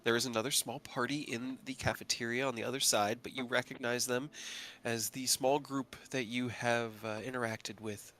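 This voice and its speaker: Male game master, casual rambling narrator, crisp bright tone. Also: medium pitch, level tone, moderate pace, hardly any pauses, a little hiss or hum.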